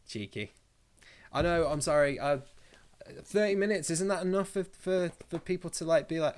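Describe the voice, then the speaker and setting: A man's voice: fairly high pitch, animated, a little fast. A man hosting a casual live stream, reading out viewer comments and joking around in a rambling way, swearing freely.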